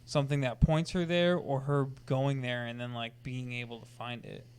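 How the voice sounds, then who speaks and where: A man in a casual podcast chat, working through plot holes one question at a time. His voice sits at an ordinary middle pitch, and his tone stays conversational. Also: level tone, normal speed, clean tone. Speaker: podcast co-host. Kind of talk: casual film discussion.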